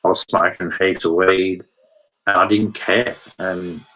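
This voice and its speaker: Blunt, rambling man, lowish voice. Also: flat delivery, unhurried, bright, forceful tone, poor audio. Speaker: vlogger. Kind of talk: casual ranting monologue.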